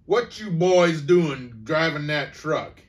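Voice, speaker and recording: A man's voice: a little high, animated, takes it slowly, highs cut off, voice pushed up. A man voicing a grim, tired middle-aged sheriff who growls and snaps in a read-aloud story. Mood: growling. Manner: gruff, growling.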